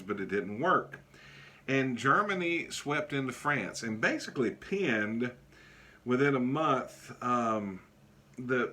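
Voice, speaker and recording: A man teaching in a classroom, lecturing in a loose, joking way. He stops often on fillers. His voice sits at a middle pitch and has a bright, forceful edge. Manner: casual and joking, with many fillers.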